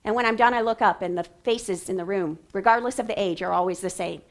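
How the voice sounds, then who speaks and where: A woman giving a lively teacher training talk on reading, acting out classroom voices and dropping into whispered asides. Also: mid-range voice, fast. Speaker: literacy trainer.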